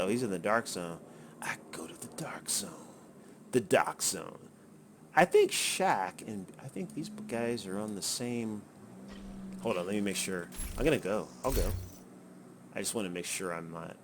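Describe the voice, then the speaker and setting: A man with a fairly low voice chats loosely over his gameplay, wandering from point to point with chuckles and casual cursing. Steady background noise runs under the recording. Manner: rambling, chuckling, swears freely. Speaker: gameplay commentator.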